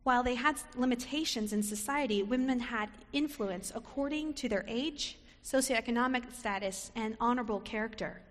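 A woman's voice: on the high side, moderate pace, hardly any pauses. A woman preacher giving a reflective sermon, sometimes acting out short quoted lines. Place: church sanctuary. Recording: long reverb of a sanctuary.

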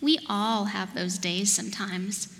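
A woman voicing a gentle, patient mother in a soothing, calm manner while reading a picture book aloud. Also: mid-range voice, a little slow, gravelly. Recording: reverberant church hall, faint noise.

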